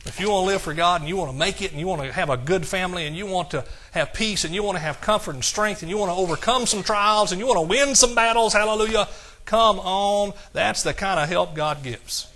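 Bright-voiced preacher man. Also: high-pitched. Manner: exuberant, shouts praise, quotes scripture in slow emphatic reading. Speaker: pastor. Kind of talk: sermon.

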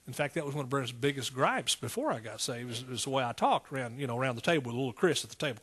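A man's voice: medium pitch, lively intonation, fast talker, fairly bright tone, breathy edge. A middle-aged man with an East Texas accent preaching a sermon in a folksy, call-and-response manner. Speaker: pastor.

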